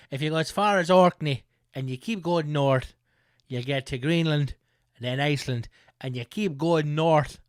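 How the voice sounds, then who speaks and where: A man's voice: mid-range voice, no room sound, studio quality, lightly acted. A man putting on a put-on Irish accent to play a jolly male folk-duo frontman, with hammy, sing-song stage patter.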